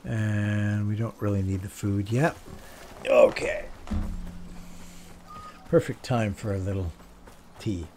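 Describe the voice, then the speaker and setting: Guy doing a let's play, talks slow and jokes at himself, bit of faint noise behind. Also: on the low side, dark tone. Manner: chatty, self-deprecating, talks to himself. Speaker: gameplay streamer. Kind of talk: casual let's-play commentary.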